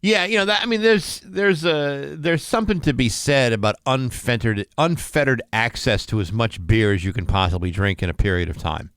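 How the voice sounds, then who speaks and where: A man's voice: mid-range voice, moderate pace, few pauses, a bit bright, clear, resonant tone, no echo. A man hosting a morning radio show, wry and mock-formal in his delivery. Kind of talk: casual radio banter and mock-pompous sports commentary. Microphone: studio microphone.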